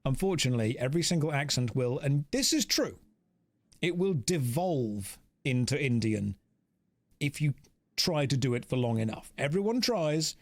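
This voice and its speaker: A man's voice: mid-range voice, dry recording. An Englishman with an English accent, casually commentating his game stream in a joking, self-mocking way.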